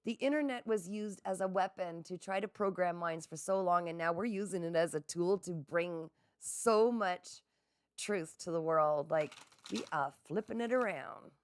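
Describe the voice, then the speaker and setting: Excitable woman hosting a live chat. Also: fairly low pitch, moderate pace, smooth, no room sound. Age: middle-aged. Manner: excitable, laughs often, talks straight to viewers. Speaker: livestream host. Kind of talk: casual live chat reading comments.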